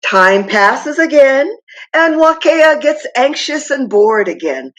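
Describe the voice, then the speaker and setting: A woman from Hawaii telling a traditional myth slowly and dramatically as a guest speaker. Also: high voice, big pitch swings, a bit bright, poor audio. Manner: slow, dramatic storytelling that acts out the characters.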